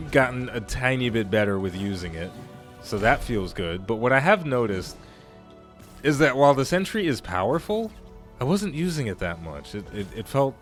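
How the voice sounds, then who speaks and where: Deep-voiced man chatting over gameplay. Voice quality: naturally deep voice. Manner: chatty, rambling, self-correcting. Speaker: gaming channel host. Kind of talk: let's play commentary.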